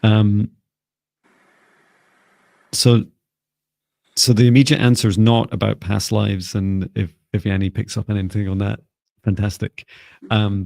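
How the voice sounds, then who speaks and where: A man hosting a live psychic reading who guides listeners in a calm, slow voice, with many fillers and restarts. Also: on the low side, creaky, dry recording. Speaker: psychic reader and live-stream host.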